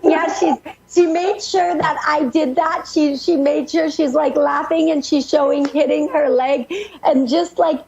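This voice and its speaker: Husky high-pitched lady psychic on the radio, rushing and stumbling over the messages, muffled lo-fi sound. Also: steady tone, a little mellow. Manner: rushed, breathless relaying with many restarts. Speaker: psychic medium radio host. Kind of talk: channeling messages on a call-in radio show.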